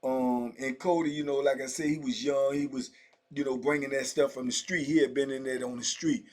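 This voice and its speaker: A man's voice: medium pitch, fairly even intonation, fairly quick, darkish tone. A middle-aged man casually telling first-person prison stories, loose and slangy, full of conversational asides. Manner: loose, slangy, full of "you know what I'm saying" asides. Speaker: storyteller recounting prison life.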